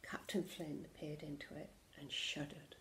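A woman's voice: sits low, level tone, a little slow, creaky, fairly bright tone. A teacher reading a picture book aloud to young children. She reads expressively, drops to a whisper for suspense and stops to point out the pictures. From England.

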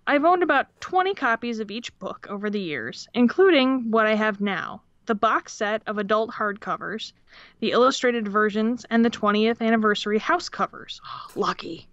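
Brief: fairly high woman's voice, casual podcast co-host who laughs and swears, dry dull lo-fi sound. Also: moderate pace, fairly bright tone, dry recording. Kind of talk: casual chat, reading a listener story. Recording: dull, slightly lo-fi audio.

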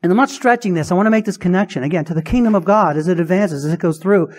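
A man's voice: high voice, rapid-fire. A male pastor preaching a sermon, emphatic and full of rhetorical questions.

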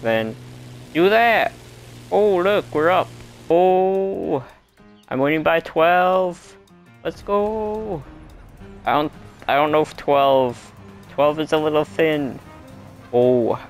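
A gaming channel host giving live gameplay commentary, talking to themself and the game and exclaiming loudly at every crash. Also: mid-range voice. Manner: excitable, yelps and exclaims at crashes; talks to self and to the game.

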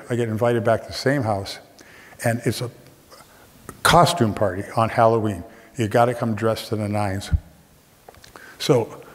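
Guy doing a comic story onstage, middle pitch, big theater reverb, acts out the other voices. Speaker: stage storyteller. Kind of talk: humorous stage storytelling. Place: theater stage.

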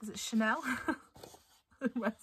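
A woman's voice: fairly high pitch, very slow, a bit bright, a little hiss or hum. A woman chatting casually through a craft haul, bubbly and giggly, her voice a little tired. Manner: bubbly and giggly, gushing over papers. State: voice getting tired. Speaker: craft vlogger.

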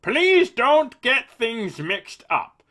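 A man voicing a silly, high-pitched, pompous male European politician in a mocking, overblown way. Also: sing-song, extremely slow, bright, forceful tone, heavily acted. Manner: squeaky, overblown, mocking delivery.

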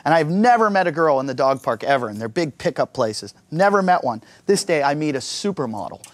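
A man's voice: fairly high pitch, very animated, brisk, no room sound. Crude, wry male stand-up comedian. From United States. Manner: crude, self-mocking storytelling with acted-out quotes. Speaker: stand-up comedian and show host. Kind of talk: stand-up routine mixed with casual vlog tour.

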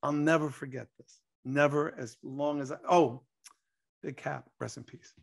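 A man, telling an animated story as an interview guest and acting out quotes. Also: fairly high pitch, a little slow, vocal fry, husky. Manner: excitable, acts out quotes, laughs.

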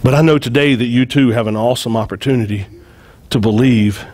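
A man preaching a sermon, retelling a story with lively acted-out quotes and frequent repeated words. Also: medium pitch, fairly quick. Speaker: pastor.

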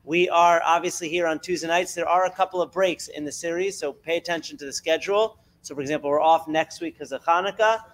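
Male host with a fairly high voice, brisk and practical announcer. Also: a bit bright. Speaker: host of a lecture series. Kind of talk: announcements and speaker introduction.

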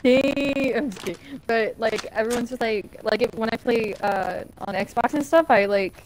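A woman's voice: fairly high pitch, normal speed, a little hiss or hum, low-quality recording. A young adult woman streaming a game, chatting casually in a giggly, rambling way and swearing freely. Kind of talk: casual gaming chat.

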